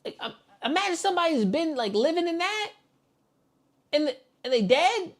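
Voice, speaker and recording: A woman from the Bronx, reacting to a video with loud, profane outbursts. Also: very high-pitched, very animated, moderate pace. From the Bronx, New York. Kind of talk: casual reaction commentary.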